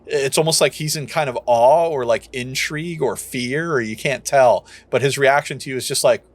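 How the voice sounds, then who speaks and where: A man's voice: mid-range voice, normal speed. Young man narrating as game master. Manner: casual, laughing, acts out short lines for the characters.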